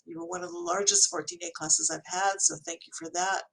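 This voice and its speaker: Encouraging, gravelly-voiced ESL teacher. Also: sits high, wildly swooping pitch, a little fast, fairly bright tone. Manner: encouraging, with frequent fillers. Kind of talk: recorded online lecture.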